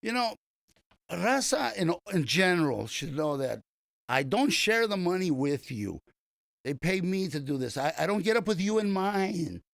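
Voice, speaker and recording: Older male comedian, raspy and fairly high-pitched, dry studio sound, meandering anecdotes full of restarts. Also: big pitch swings, moderate pace, dry recording. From East Los Angeles. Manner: rambling anecdotes with many restarts and fillers. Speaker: comedian guest. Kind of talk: casual storytelling interview. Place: radio studio.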